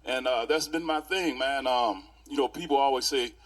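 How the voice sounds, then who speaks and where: Husky older man giving a heartfelt tribute. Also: mid-range voice. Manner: heartfelt, reminiscing storyteller with many pauses. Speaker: pastor. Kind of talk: memorial tribute speech.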